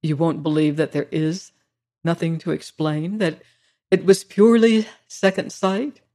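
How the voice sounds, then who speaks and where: A reflective gentleman in an old storybook reading, cool and unhurried in manner. A narrator gives him the plain reading voice. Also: medium pitch, steady tone, natural voice. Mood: detached. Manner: detached and thoughtful.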